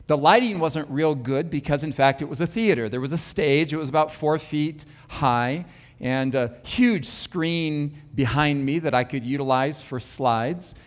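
A male preacher tells a story from the pulpit in an earnest, self-deprecating way, with a wry touch. His voice is on the higher side and trails off into a long reverb, as if spoken in a large hall. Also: a little slow. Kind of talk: sermon storytelling.

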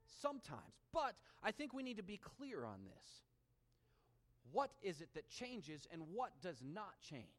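Male pastor with a high, lively delivery, preaching a sermon that moves between emphatic scripture reading and quiet asides; long reverb. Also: unhurried. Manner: animated preaching, dropping to hushed intimate tones.

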